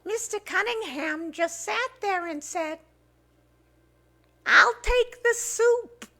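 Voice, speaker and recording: A woman impersonating a sweet, flustered sitcom housewife with a shrill, sing-song voice. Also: lively intonation, takes it slowly, bright, forceful tone, heavily acted.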